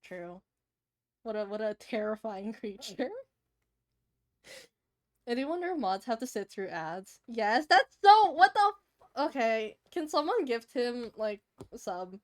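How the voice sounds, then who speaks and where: A woman's voice: fairly high pitch, animated, a little slow, pauses often. Chatty young woman streamer, slightly nasal. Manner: chatty, laughs often, answers chat while drawing. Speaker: streamer drawing a commission. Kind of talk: casual live-stream chat.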